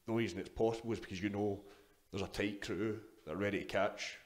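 Casual Scottish man, lowish voice. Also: steady tone, fast talker. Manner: swears freely, storytelling with frequent restarts. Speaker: guest, powerlifter. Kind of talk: casual podcast interview.

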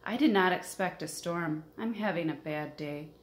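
A woman voicing a small, gentle, worried female mouse in a storybook reading, polite and a little sighing. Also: fairly low pitch, normal speed, close to an everyday voice. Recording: echoey room, faint noise.

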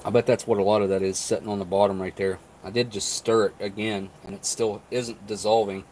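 A non-Canadian man reviews rations on a live stream, relaxed and thinking aloud as he eats and chews. His voice is fairly low and a little fast, with a slight hiss or hum in the background.

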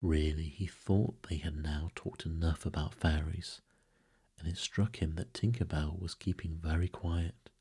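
A man narrating a bedtime sleep story in a soft, hushed way, sometimes whispered. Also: a bass voice, steady tone, unhurried, husky.

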